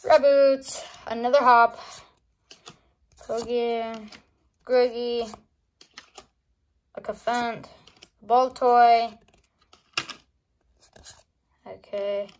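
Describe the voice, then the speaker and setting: A woman opening trading cards for a casual vlog, excitable and gasping, often calling out to her viewers, recorded on a phone. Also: a little high, extremely slow, long pauses, a little hiss or hum. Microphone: phone on a charger.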